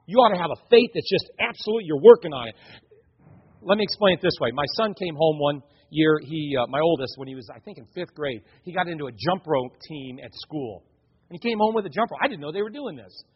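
A man's voice: on the high side, fairly quick, slightly rough. A middle-aged man preaching a sermon, telling family stories and acting out the voices of his kids and wife. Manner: animated storyteller, acts out his family's voices. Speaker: pastor. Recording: dull lo-fi sound in a reverberant hall.

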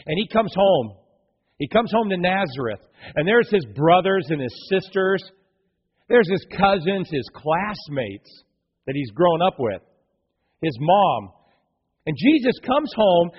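A male pastor with a high, lively voice that swoops up and down, a little husky. He preaches a sermon and acts out the voices of people in his stories. The sound is dull and lo-fi, with a long church-hall reverb. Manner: animated preacher acting out voices of townsfolk. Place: church sanctuary.

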